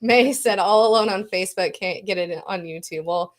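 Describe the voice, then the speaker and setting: A woman co-hosting a casual married-couple podcast, playful and quick to giggle. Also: mid-range voice. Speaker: podcast co-host. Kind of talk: casual chat.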